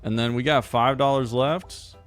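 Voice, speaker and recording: A man's voice: medium pitch, fairly even intonation, normal speed, clean tone, faint music behind. A man commenting playfully on a game he is playing live, thinking aloud and slipping into silly voices. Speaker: game streamer.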